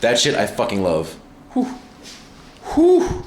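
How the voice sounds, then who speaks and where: A man streaming from home, chatting casually, excitable and profane, rambling from one thing to the next. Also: fairly low pitch, brisk, reverberant, slight background noise. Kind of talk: casual livestream chat.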